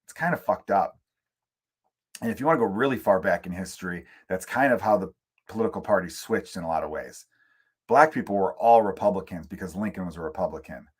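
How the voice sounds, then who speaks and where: A man's voice: deep voice, brisk, slightly rough. A middle-aged man hosting his own comedy podcast from home, rambling through opinions in a casual rant and swearing freely. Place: room at home.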